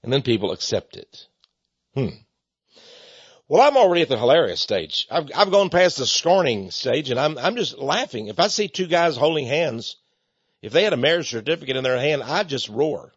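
Man, mocking preacher, husky voice, pitch swinging all over. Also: big pitch swings, normal speed, no room sound. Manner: sarcastic, mocking, laughs scornfully. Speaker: ministry speaker. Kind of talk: preaching monologue. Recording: dull lo-fi recording.

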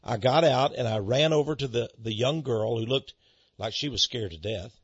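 A man's voice: mid-range voice, normal speed, husky, dry recording. A male pastor giving a folksy, storytelling sermon on a dull, lo-fi recording. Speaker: pastor and ministry head. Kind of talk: radio sermon monologue.

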